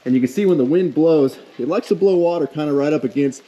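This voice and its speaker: A man from California talks his viewers through a guest house renovation at a brisk clip. His delivery is upbeat, loose and rambling, full of casual fillers. He sounds like a handyman vlogger filming on site with a camera mic. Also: fairly high pitch, dark tone. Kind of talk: casual DIY vlog talk. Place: construction site indoors and outdoors.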